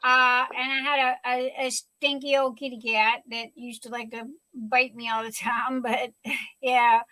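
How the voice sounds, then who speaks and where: A high, bright-voiced older woman with a drawl hosts a casual livestream chat. She gushes with emotion and stumbles over her words. The sound is dry and close. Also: little pitch movement, a little slow, dry recording, low-quality recording. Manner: gushing, emotional, many restarts. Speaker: livestream host.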